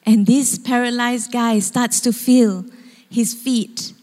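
A woman pastor preaching a sermon as she retells a story with animated storytelling. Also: on the high side, slow pace. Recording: long hall reverb.

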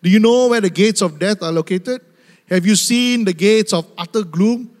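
A preacher voicing God, stern and sarcastic. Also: male voice, sits high, normal speed, a little mellow, natural voice. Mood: sarcastic challenge. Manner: sarcastic, challenging questions. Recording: long hall reverb.

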